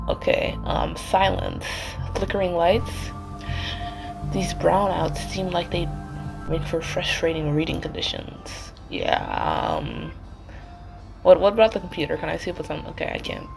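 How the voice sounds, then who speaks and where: Gravelly low-voiced woman streamer. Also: fairly even intonation, measured pace, a little mellow, faint music behind, poor audio. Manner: hesitant, wry asides with fillers. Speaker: gaming streamer. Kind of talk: casual let's-play commentary, reading game text aloud.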